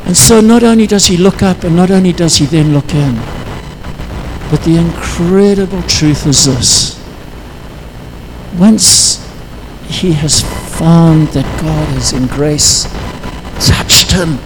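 High-pitched male preacher, impassioned sermon delivery, faint traffic noise underneath. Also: takes it slowly. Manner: impassioned, rises into loud prayerful pleas.

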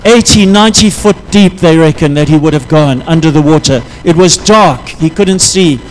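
A man preaching a sermon, telling a story in an earnest, halting way that often sinks to a quiet intensity. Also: a little high, slight background noise, low-quality recording.

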